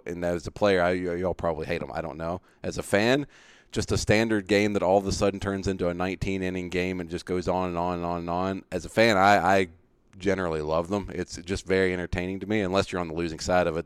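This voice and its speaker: A man with a fairly low, smooth voice tells a story in casual chat, animated and quick to laugh. The sound is dry and close. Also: no echo. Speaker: podcast co-host, baseball fan.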